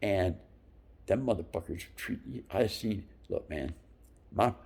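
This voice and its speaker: Man, 50s, low husky gravel, lively swings in pitch, profane rambling storyteller with whispered asides. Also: measured pace.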